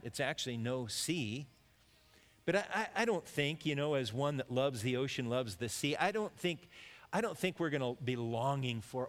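Male pastor, conversational sermon delivery, fairly high voice, reverberant hall sound. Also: fairly bright tone. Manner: conversational preaching, acting out imagined voices.

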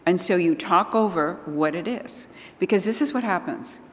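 An older woman speaking to a church audience, telling animated personal stories and acting out the conversations in them. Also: lowish voice, normal speed. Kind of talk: storytelling talk to an audience. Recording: long hall reverb.

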